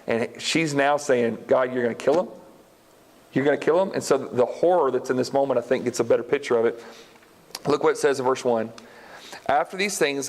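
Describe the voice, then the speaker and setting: A man teaching a live Bible lesson in an animated way, quizzing his audience and reading scripture aloud. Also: mid-range voice. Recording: long hall reverb.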